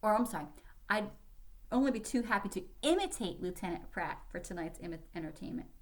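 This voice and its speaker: A woman's voice: medium pitch, lively intonation, natural voice. A woman reading aloud, voicing a spirited young servant girl who speaks earnestly. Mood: polite. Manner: earnest, quick-tempered.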